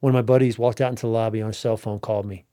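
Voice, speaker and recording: A man's voice: fairly low pitch, little pitch movement, very fast, warm tone. A middle-aged man telling a personal story as an interview guest, earnest and heartfelt, often restarting his sentences.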